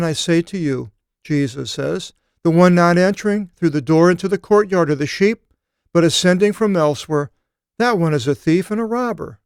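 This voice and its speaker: A man teaching a Bible study seminar, reading scripture aloud and explaining it, with thoughtful pauses and occasional fillers. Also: a little high, clear, resonant tone, dry recording, studio quality.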